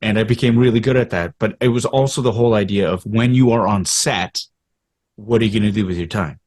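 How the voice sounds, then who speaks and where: A lowish, fairly quick voice belongs to a fifty-something actor from Canada, a podcast guest telling candid stories from his career. He brings them to life by performing quotes and his inner monologue.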